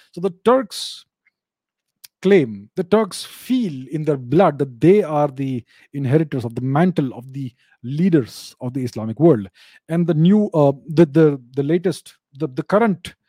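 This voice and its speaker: A man answering viewer questions in an unscripted explanatory talk, measured, often repeating and restarting phrases. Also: a little high, dark tone, husky, no echo.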